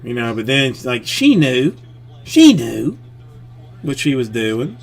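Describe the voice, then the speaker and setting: A man's voice: mid-range voice, wildly swooping pitch, slow, gravelly. A man hosting a live stream in casual chat, telling a family story in a rambling way, full of restarts and fillers.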